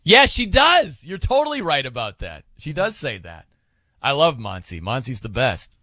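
Laughing and swapping anecdotes, this man hosts a sports radio program with casual, lively banter from the studio. His voice is medium-pitched, his pace moderate, and the recording dry.

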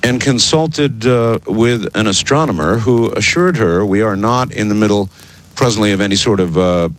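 A man's voice: fairly low pitch, normal speed, rough recording. A man hosting a late-night radio talk show, rambling with lots of ums and uhs. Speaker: radio host. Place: radio studio in the desert.

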